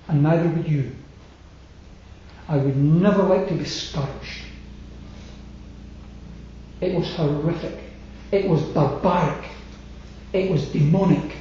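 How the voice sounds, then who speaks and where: A man preaching a sermon, slow and emphatic, letting his phrases fall away to a hush. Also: high-pitched. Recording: very echoey hall, slightly dull sound.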